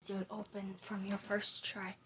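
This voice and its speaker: A woman's voice: medium pitch, completely flat delivery, measured pace, fairly bright tone, a little hiss or hum. A woman narrating a mystery reveal, theatrically accusing the culprit as she retraces the crime step by step.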